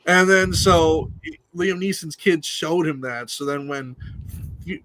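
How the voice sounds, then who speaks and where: A man from Pennsylvania, a guest actor chatting casually on a live stream, telling stories and tossing in quick quoted voices. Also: fairly high pitch, a bit bright, slight background noise.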